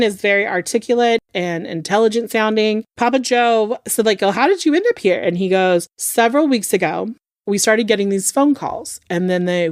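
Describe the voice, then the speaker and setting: A woman's voice: mid-range voice, no echo, studio quality. A woman hosting a podcast, casually recapping a true-crime case, chatty and profane, full of filler words. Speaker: podcast host.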